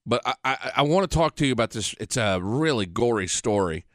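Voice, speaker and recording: A man's voice: mid-range voice, animated, fairly quick, a bit bright, no room sound. A man hosting a radio show, talking in a loose, rambling, profane monologue. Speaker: radio host. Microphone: radio studio mic. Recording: dry close studio sound.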